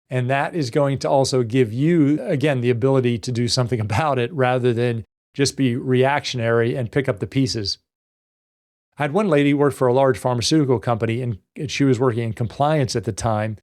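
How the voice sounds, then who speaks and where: A man's voice: mid-range voice, darkish tone. A man talking as a leadership coach, earnest and conversational, telling client stories and acting out what people said. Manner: earnest, conversational, acts out quoted dialogue. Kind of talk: coaching talk with anecdotes.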